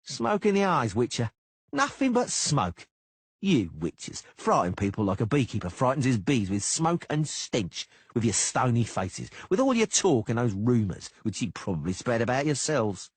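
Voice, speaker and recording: A man reading an audiobook, voicing a swaggering male mercenary who mocks and menaces in a husky, taunting voice. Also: medium pitch, sing-song, normal speed, no echo, voice pushed up. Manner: taunting, sneering.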